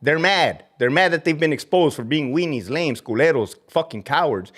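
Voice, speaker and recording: A middle-aged former corrections officer hosts a livestream, reading chat comments while ranting heatedly about his old job. His slightly high, somewhat bright voice is animated and moves at a moderate pace with hardly any pauses. He's profane, fired-up and mocking, peppering his talk with Spanish slang.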